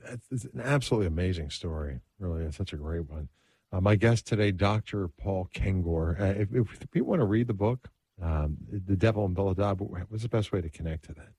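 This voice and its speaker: A man's voice: low voice, fairly quick, dark tone, husky, no room sound. A man hosting a radio talk show, reacting briefly to his guest and leading into a break.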